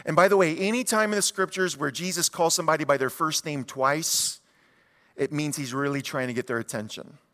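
A man preaching a sermon as a pastor, telling stories in an animated way and putting rhetorical questions to the congregation. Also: fairly high pitch, fairly quick, big-room sound.

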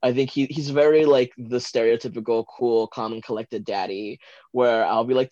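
A man's voice: mid-range voice, moderate pace, dry recording. A man from Los Angeles as a podcast guest, telling a personal story in casual chat, rambling with lots of fillers and giggles. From Los Angeles, USA. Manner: chatty, rambling, many fillers like "like" and "um"; giggly, animated when retelling moments. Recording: dull, dry lo-fi recording.

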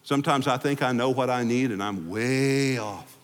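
A man pastor giving a freewheeling, conversational sermon to a congregation, then leading a quiet closing prayer. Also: medium pitch, moderate pace. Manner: freewheeling, conversational preaching that drops to a hushed prayer. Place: church sanctuary before a congregation. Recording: long hall reverb in a church sanctuary.

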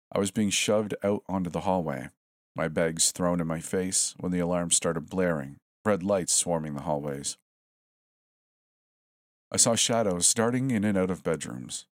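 A man narrating a horror story in a steady, tense storytelling manner. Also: low voice, no room sound, clean studio sound.

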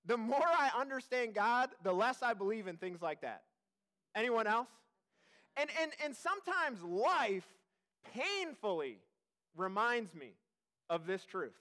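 A man's voice: very high-pitched, very animated, unhurried, pushed and bright. A man in his thirties, a pastor giving a sermon in church, telling stories in a casual, self-deprecating way with asides to the congregation. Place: church service.

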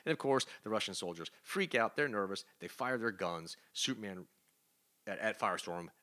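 A man co-hosting a comics podcast, recapping a story in a casual, animated way and acting out the characters' lines. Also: on the low side, normal speed. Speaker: podcast co-host. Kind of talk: casual comic review chat.

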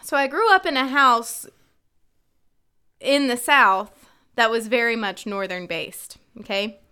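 A woman from North Carolina co-hosts a casual podcast and lets loose an animated rant, laughing as she goes. Her voice sits high and bright, smooth and clear. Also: a little slow. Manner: animated, ranting, laughing often. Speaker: podcast co-host. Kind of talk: casual chat.

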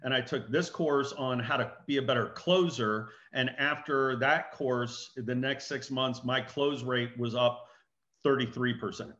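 A man giving an animated business talk as a guest speaker, acting out dialogue and anecdotes. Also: medium pitch, unhurried, lo-fi sound.

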